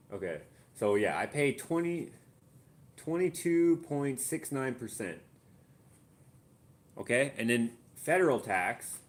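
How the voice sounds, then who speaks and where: A Canadian man hosting a casual live Q&A from his home art studio, thinking aloud and muttering while he looks things up and works out sums. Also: lowish voice. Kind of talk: casual live-stream chat.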